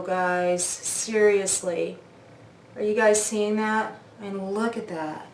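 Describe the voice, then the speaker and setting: A woman's voice: mid-range voice, steady tone, slow, echoey room, a little hiss or hum. Gushing woman reviewing makeup. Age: 40s. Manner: gushing, oohing and aahing. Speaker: beauty vlogger. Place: indoors at a makeup mirror.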